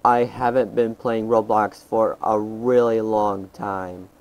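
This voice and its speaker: Guy rambling slow over his game, kinda low voice, keeps restarting what he says. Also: flat delivery, darkish tone, low-quality recording. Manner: rambling, halting, restarts sentences. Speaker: gaming channel host. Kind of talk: casual gameplay commentary.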